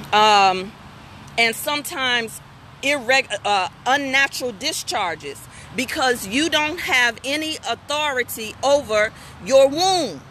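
A middle-aged woman talks frankly on a casual live stream, reading comments and spinning folksy stories. Her voice is bright and forceful. Faint traffic hums behind her outdoors. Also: high voice, takes it slowly. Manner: candid, folksy, animated storytelling with asides to viewers. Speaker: host of a women's talk stream.

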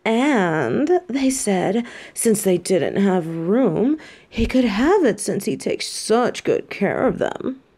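A woman's voice: mid-range voice, big pitch swings, slow, warm tone, slightly rough, exaggerated voice. A woman voicing a mafia boss girlfriend in a romantic audio drama, affectionate and teasing, laughing often. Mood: doting. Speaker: voice actor in a listener audio drama. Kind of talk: romantic audio role-play.

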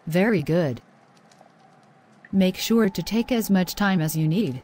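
A woman playing a patient teacher character who speaks slowly and clearly in a scripted English lesson. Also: on the low side, expressive, a little mellow. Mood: encouraging. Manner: slow, clear, encouraging.

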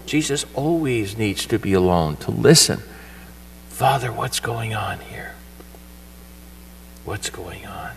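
A priest's fairly low male voice, caught from well away from the microphone with slight background noise, delivers a homily at Mass in a church shrine. He tells the story conversationally and energetically acts out the characters' lines.

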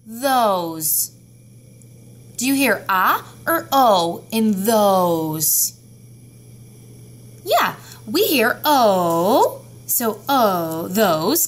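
Slow, clear-spoken woman teacher. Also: medium pitch, fairly bright tone. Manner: slow, clear, sounding out letters. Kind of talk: phonics lesson for young children.

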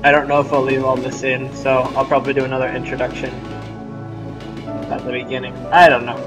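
A man giving casual, rambling, self-mocking let's-play commentary at home, with sudden loud outbursts. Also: medium pitch, little pitch movement, fast. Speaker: gamer. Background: game music.

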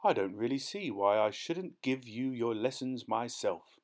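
A man's voice: medium pitch, expressive, unhurried, natural voice. A man voicing a doting elderly aunt of nearly eighty, fond and coaxing in tone in a storybook reading.

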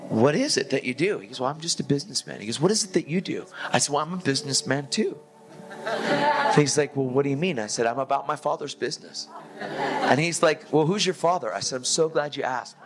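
A man preaches in a casual, energetic storytelling style, with a voice that sits a bit low. He acts out dialogue and drops in slang as he goes. A clear music bed plays underneath him. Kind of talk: sermon testimony storytelling.

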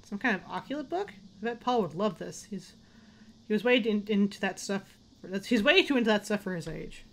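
A woman's voice: mid-range voice, lively intonation, moderate pace. Jumpy woman swearing through a horror game. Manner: jumpy, swears, talks to herself. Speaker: let's play gamer. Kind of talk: casual game commentary.

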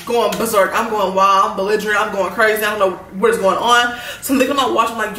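A young woman, telling an animated, rambling storytime full of slang and filler words. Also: mid-range voice, fast talker, roomy sound, recorded from a distance, poor audio. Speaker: vlogger. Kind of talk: storytime while eating.

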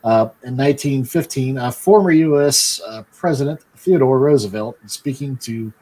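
A man's voice: mid-range voice, warm tone, husky, poor audio. A man co-hosting a casual history podcast, reading from his notes with a dry manner and lots of fillers. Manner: dry, many fillers and quick yeps. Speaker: podcast co-host.

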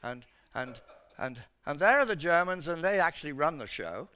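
A man's voice: a little high, expressive, normal speed, pushed and bright, clean tone. An older man from Britain, an economics professor giving a chatty seminar lecture, full of "you know" fillers.

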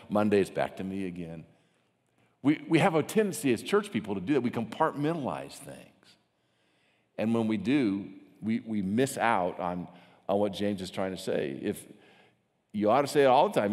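A male pastor delivers a lively sermon. His pitch swings widely, and he drops into mocking voices. His voice rings with the long reverb of a large hall. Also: moderate pace. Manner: animated, acts out mocking voices.

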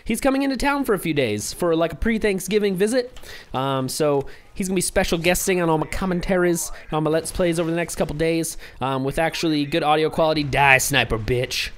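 Young male gaming commentator, hyped and scattered, slightly high voice, faint hiss behind. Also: fast. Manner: hyper, rambling, easily distracted. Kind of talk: casual gameplay commentary.

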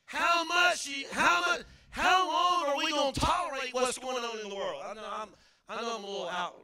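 Middle-aged male pastor, forceful bright tone, fervent call-and-response sermon in a church. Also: very high voice, moderate pace. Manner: fervent preaching with call-and-response, at times shouting. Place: church sanctuary.

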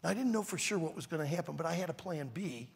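A man preaching a storytelling sermon to a youth conference in an animated, dramatic way. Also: on the high side, quick pace, vocal fry, slightly rough. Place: large church auditorium. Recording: reverberant large hall.

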